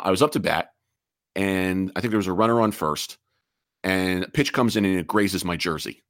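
A man's voice: medium pitch, dry recording, clean studio sound. A man talking earnestly as a podcast guest, reflective and repeating words as he restarts his sentences. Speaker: guest, sportsmanship group president. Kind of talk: casual podcast interview.

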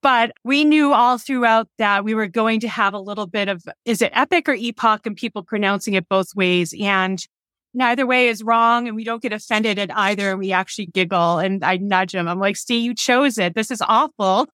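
A woman's voice: medium pitch, a bit bright, no room sound, studio quality. A woman in her forties from telling stories as an interview guest, laughing often and acting out quoted dialogue. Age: 40s. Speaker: guest, cemetery preservation business owner. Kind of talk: casual interview storytelling.

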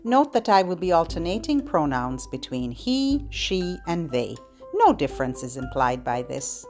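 A middle-aged woman, a children's librarian, hosting a podcast for babies with slow, gentle talk and sing-song children's songs. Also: deep voice, sing-song, faint music behind. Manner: gentle, slow and sing-songy, switching between spoken tips and children's songs.

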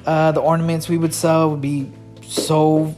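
A man's voice: fairly high pitch, little pitch movement, measured pace, music in the background. Rambling man telling a workplace story. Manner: rambling, restarts often, laughs at his own story. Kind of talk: casual storytime.

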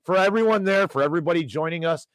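On a dry recording, a man with a slightly high voice talks fast while hosting an opinionated financial news show. He reads the headlines out and rants sarcastically, his voice rising loud when he gets angry.

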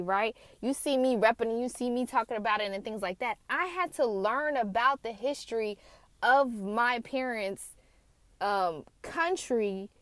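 A woman's voice: fairly high pitch, a bit bright, no echo. A woman from the United States telling personal stories in a casual, candid way, swearing now and then, talking from a car. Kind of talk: casual storytelling.

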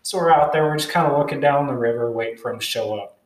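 A man's voice: medium pitch, fast. A young man telling a story casually, rambling and cursing often as he goes. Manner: rambling, profane, animated retelling. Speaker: storyteller vlogger. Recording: echoey room.

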